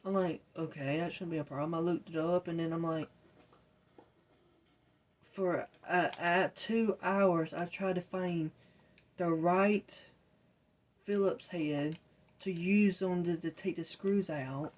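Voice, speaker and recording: A woman's voice: fairly low pitch, fairly even intonation, slow pace, long pauses, darkish tone. A woman telling a long casual story, rambling and exasperated, quoting her own reactions. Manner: rambling, exasperated retelling with quoted self-talk. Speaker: vlogger. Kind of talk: casual storytelling while gaming.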